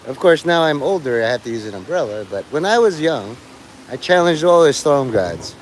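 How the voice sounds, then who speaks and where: A man's voice: a little high, sing-song, normal speed, slight background noise, rough recording. A man rambling through a profane live stream monologue outdoors, with faint rain behind him. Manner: profane, meandering, full of fillers. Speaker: livestreamer.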